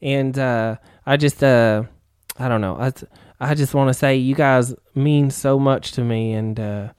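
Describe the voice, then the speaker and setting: A man's voice: mid-range voice, fairly even intonation, a little slow, darkish tone, clean tone, dry recording, clean studio sound. A man hosting a crude comedy podcast, rambling and laughing. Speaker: podcast host.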